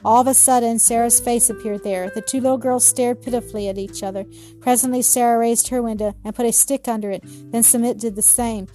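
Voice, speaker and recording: A woman narrating a children's story in a gentle, measured reading. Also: fairly high pitch, fairly even intonation, faint music behind.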